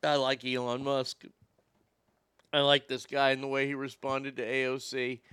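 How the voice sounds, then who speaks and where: A man's voice: medium pitch, completely flat delivery, normal speed, bright, forceful tone, clear, resonant tone, no room sound. A man hosting a crude, sarcastic political commentary show, swearing and mocking as he reads the news. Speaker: show host.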